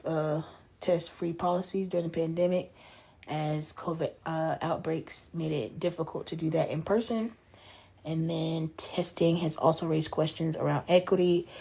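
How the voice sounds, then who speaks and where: A woman's voice: deep voice, warm tone. A woman co-hosting a podcast, reading through a news item in a loose, conversational way and adding her own asides. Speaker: podcast co-host. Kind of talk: casual news roundup.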